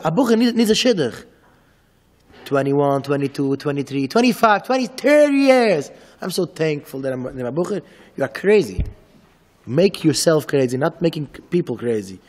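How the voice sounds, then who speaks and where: A man teaches a Torah lesson in a fairly high voice. He speaks haltingly, repeating words as he acts out little dialogues, and his voice rings with a long hall reverb. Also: sing-song, darkish tone. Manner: halting and repetitive, acts out back-and-forth dialogues. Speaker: rabbi. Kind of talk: Torah lecture in English.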